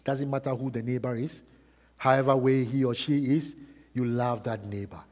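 A man preaching a sermon as pastor, asking repeated rhetorical questions and swinging between loud and soft. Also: medium pitch, steady tone, normal speed. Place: church. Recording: long church reverb.

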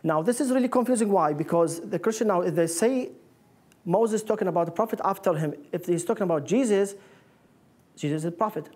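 A man's voice: high-pitched, brisk, a little mellow. A man giving a public lecture with slides, explaining in earnest with non-native phrasing. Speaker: guest lecturer. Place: lecture room.

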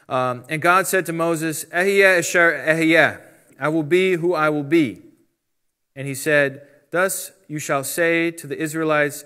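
A man's voice: medium pitch, a bit bright. A middle-aged man giving a casual Bible teaching talk, explaining step by step and reading out translations.

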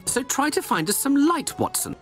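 A woman's voice: sits high, very animated, moderate pace. A woman voicing Sherlock Holmes, a confident male detective with a lofty, theatrical manner in a video game. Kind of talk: game voice acting. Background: game music.

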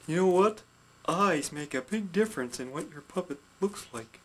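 A man voicing a gentle little heart puppet with an attitude, soft-spoken and sweet while teaching about puppet characters. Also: fairly high pitch, expressive, moderate pace. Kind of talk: puppet instruction skit.

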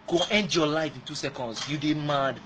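A man's voice: fairly high pitch, moderate pace, noisy background. Angry Nigerian man ranting. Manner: angry, insulting, repetitive, switching between Pidgin and English. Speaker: fan. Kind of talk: ranting video message.

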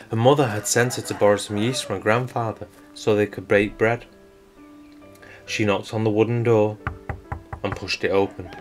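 A man telling a true-crime story as scripted narration, in a measured, suspenseful storytelling manner. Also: lowish voice. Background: faint guitar music.

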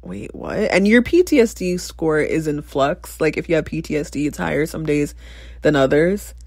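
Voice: mid-range voice, moderate pace, no room sound. Candid podcaster in their twenties, dry sound. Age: 20s. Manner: reflective, reenacts past conversations with sudden exclamations. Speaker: podcast host. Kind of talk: candid personal monologue.

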